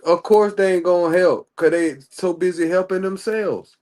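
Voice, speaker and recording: A man's voice: sits high, steady tone, moderate pace, a little mellow. A man ranting in casual livestream commentary, heated and profane. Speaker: streamer.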